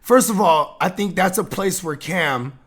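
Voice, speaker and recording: A man hosting a casual sports podcast, talking in an animated way with lots of fillers, swearing and laughing often. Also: high voice, unhurried. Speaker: podcast host.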